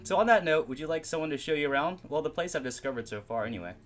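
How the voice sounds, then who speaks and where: A man's voice: a little high, animated, very fast, soft background music, pitched above the performer's own voice, close to an everyday voice. A man putting on a light, raised young woman's voice. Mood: friendly. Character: friendly, teasing young island woman.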